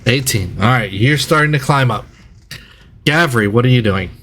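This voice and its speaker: A man narrating a tabletop game as game master, describing scenes in a measured, descriptive way. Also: medium pitch, a bit bright, a little hiss or hum.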